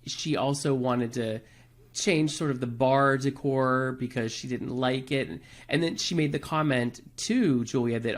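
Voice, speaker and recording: A man co-hosting a casual podcast, his voice mid-pitched for a man. He chats in a gossipy way with hesitant restarts. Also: measured pace. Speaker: podcast co-host. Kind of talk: casual chat reviewing reality TV.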